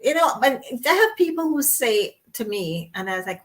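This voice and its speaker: A woman with a Trinidadian accent hosting a casual chat, animated and talkative, laughing often as she tells stories. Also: a little high, normal speed. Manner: animated, chatty storyteller who laughs often. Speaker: host.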